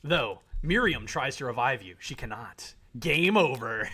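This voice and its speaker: Animated man streaming a dating game. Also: mid-range voice, unhurried, breathy edge. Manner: animated, dramatic reading with frequent laughter. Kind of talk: reading a visual novel aloud on a live stream.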